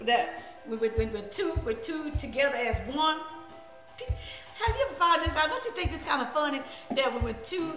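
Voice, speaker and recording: High-voiced woman minister, echoey room. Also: very animated, moderate pace, pushed and bright. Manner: laughing, repeats words, preachy asides. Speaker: minister hosting a live stream. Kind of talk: casual live-stream talk. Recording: echoey room with music behind.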